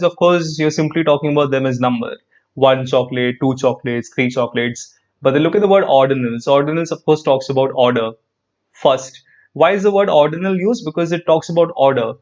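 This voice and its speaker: A man with an Indian English accent teaching an online grammar class, lively and repetitive, quizzing his students as he goes. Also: mid-range voice, moderate pace, lo-fi sound. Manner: lively, repeats phrases, quizzes students, frequent "perfect".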